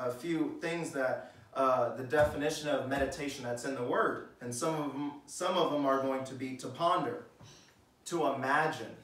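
Recorded from a distance in an echoey church hall, a pastor with a mid-range, fairly bright voice preaches conversationally. He asks his congregation questions and reads passages of scripture aloud.

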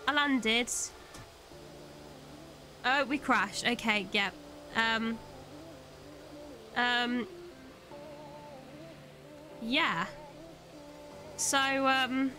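A woman's voice: fairly high pitch, steady tone, extremely slow, long pauses, bright, forceful tone, soft background music. A woman from Italy chatting on a live gaming stream, hesitant, with many ums and restarts. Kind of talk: casual live-stream chat while gaming.

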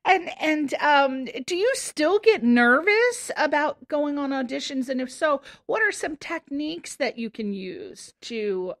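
A woman hosting a radio interview, reacting with quick exclamations and asking questions. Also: high-pitched, lively intonation. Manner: reactive, exclaims and laughs along. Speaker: radio show host. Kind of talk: interview chat. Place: radio show studio.

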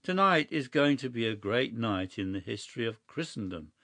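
A man reading a story aloud, voicing a cool, mischievous young gentleman who speaks calmly and matter-of-factly. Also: medium pitch, moderate pace, dry recording. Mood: sly. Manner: calm, matter-of-fact, sly.

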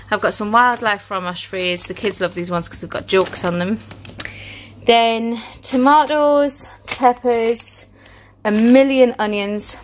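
A woman's voice: fairly high pitch, a little hiss or hum. A woman with a British accent chatting casually on her vlog, listing items one by one and a little out of breath. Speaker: family vlogger.

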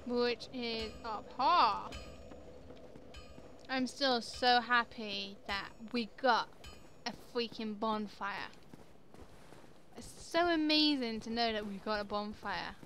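A young woman commenting chattily on her own gameplay, quick to exclaim and laugh. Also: on the high side, fairly bright tone, a little hiss or hum. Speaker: gamer. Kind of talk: let's play commentary.

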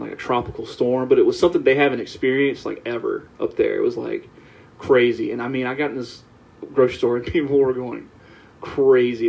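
A man from the American South, a guest on a podcast, telling animated stories in casual chat. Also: mid-range voice, vocal fry. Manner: animated storyteller, laughs while telling anecdotes. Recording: slightly dull, lo-fi sound.

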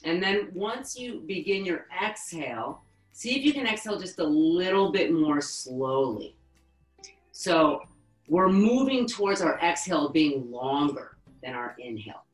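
A woman yoga therapist teaching a webinar lesson, calmly guiding breathing exercises and counting breaths. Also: fairly low pitch, echoey room, soft background music, poor audio. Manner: calm, instructive, counts breaths slowly.

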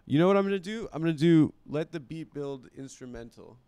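A man's voice: on the high side, animated, fairly quick, warm tone, smooth, no echo. A man hosting a comedy podcast, teasing his guest in casual banter. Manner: teasing, wry, riffing. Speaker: podcast host.

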